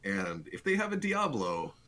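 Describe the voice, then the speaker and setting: A man's voice: on the high side, wildly swooping pitch, moderate pace, gravelly, bright, forceful tone, slight background noise. A young man, a guest pro player, explaining eagerly in a casual podcast chat and chuckling often.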